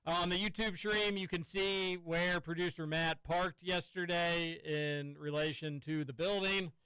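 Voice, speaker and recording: A man's voice: fairly high pitch, steady tone, unhurried, pushed and bright, clean tone, no echo, rough recording. A man hosting a sports talk radio show from a studio, talking casually and rambling with some stammering. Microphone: studio microphone.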